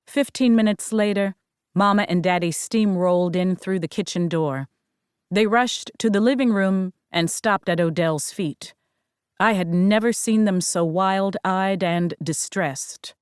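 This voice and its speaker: A woman narrating an audiobook in the first person, measured and unhurried. Her reading runs slow and steady, recorded dry and close with no room sound. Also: mid-range voice, clean tone, dry recording.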